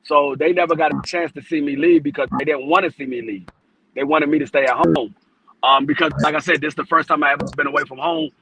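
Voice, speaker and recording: A man casually telling a profane, animated story, his pitch jumping when he acts out his own alarm. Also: fast talker. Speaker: podcast guest. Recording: noisy podcast recording.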